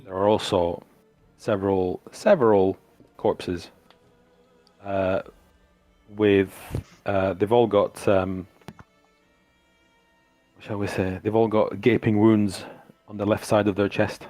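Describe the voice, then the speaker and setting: A man running a tabletop game as game master, narrating the scene descriptively and halting often with fillers. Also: on the low side, flat delivery, dark tone, no echo, faint music behind.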